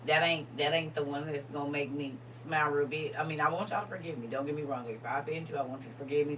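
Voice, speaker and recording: A woman giving casual spiritual advice in a folksy way, calling listeners baby and honey, shifting from hushed asides to loud emphatic bursts. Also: deep voice, quick pace, few pauses, noisy background. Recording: voice a bit distant from the mic.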